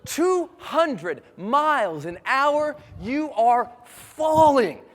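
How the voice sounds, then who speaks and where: A man giving an animated storytelling talk to an audience on a stage, full of sound effects and shouted moments. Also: extremely high pitch, extremely slow, big-room sound. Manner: theatrical, shouts and sound effects, laughs while telling. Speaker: motivational speaker.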